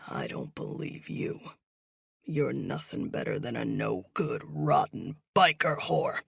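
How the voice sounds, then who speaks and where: A woman narrator voicing a menacing older male captor with a gravelly, commanding voice, barking threats. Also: medium pitch, huge pitch swings, takes it slowly, fairly bright tone, dry recording, clean studio sound, pitched below the performer's own voice, full character voice.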